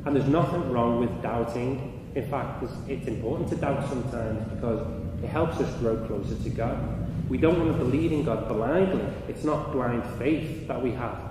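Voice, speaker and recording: A man's voice: medium pitch, normal speed, hardly any pauses, recorded from a distance. Man giving a talk in an echoey hall. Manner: storytelling, rising and loud in anecdotes. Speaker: speaker. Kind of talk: conference talk. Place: large hall. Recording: echoey hall, mic from afar, noisy.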